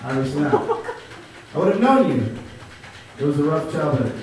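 A man's voice: a little high, big pitch swings, normal speed, darkish tone, slight background noise. A young man from Chicago doing a stand-up set, telling stories in a laid-back way and laughing at his own jokes. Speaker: stand-up comedian. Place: comedy club stage. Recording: roomy, distant club recording.

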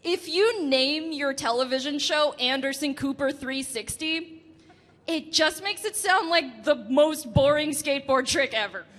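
A woman in her late twenties doing a stand-up set on a club stage, halting and laughing at her own jokes. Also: high-pitched, fairly bright tone. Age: late 20s. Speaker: stand-up comedian. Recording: reverberant club room with faint music.

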